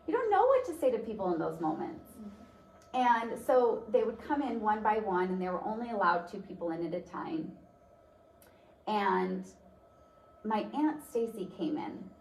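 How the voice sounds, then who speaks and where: A woman's voice: mid-range voice, gravelly. A woman giving a motivational talk, telling a personal story in a conversational way with many fillers. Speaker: speaker. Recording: roomy, distant mic, faint noise.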